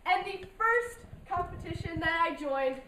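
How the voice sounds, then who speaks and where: A woman's voice: very high voice, animated, unhurried, bright, forceful tone. A young woman doing a stand-up set, chatty and self-deprecating, laughing between lines. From North Carolina mountains. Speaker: stand-up comedian. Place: large hall with an audience. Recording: echoey hall from far off, noisy.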